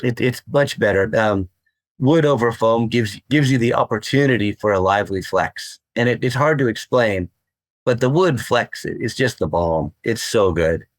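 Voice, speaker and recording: A man's voice: medium pitch, moderate pace, no echo. An older man, a surfboard craftsman, talking as a guest in a podcast interview, enthusiastic and rambling, often repeating words.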